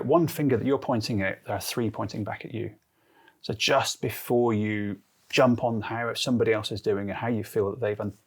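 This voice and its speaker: Gravelly low-voiced man, chatty storyteller. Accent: Guernsey English. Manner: chatty, animated storyteller acting out quotes. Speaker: interviewee, head of transformation and change. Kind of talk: casual interview answers.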